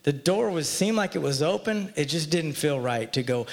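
A man's voice: a little high, expressive, moderate pace, vocal fry, few pauses. A man speaking at a church, telling a personal story in an earnest, conversational way. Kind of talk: personal story in a faith talk. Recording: long reverb from a large hall.

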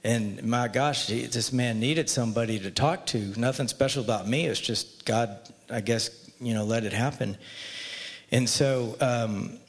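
An earnest man, unhurried and conversational, relates a personal account of his faith. He speaks at a normal middle pitch, while a lengthy reverb suggests the clip was made in a spacious hall.

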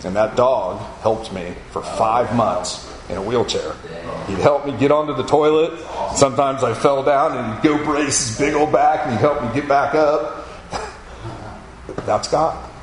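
A man's voice: medium pitch, measured pace, roomy sound, a crowd in the background, poor audio. A man giving a spoken testimony to an audience, telling his story vividly and acting out the voices of the people in it. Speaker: speaker giving a personal testimony.

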